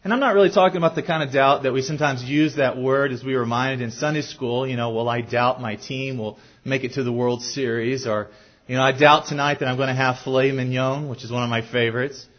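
A man's voice: medium pitch, fairly even intonation, fairly quick. A man preaching a sermon to his congregation, earnest and often putting questions to the room. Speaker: pastor. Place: church sanctuary. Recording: dull lo-fi recording.

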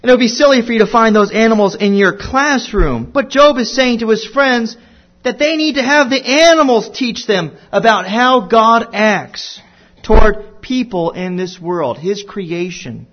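Slow, high-voiced man teaching Bible. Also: animated, dull audio. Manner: slow, deliberate storytelling with playful asides. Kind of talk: Bible lesson for children.

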